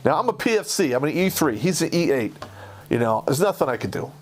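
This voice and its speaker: A man, an army veteran, telling a story of his own service in a heated, profane, animated way. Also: fairly high pitch, fast. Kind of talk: casual storytelling.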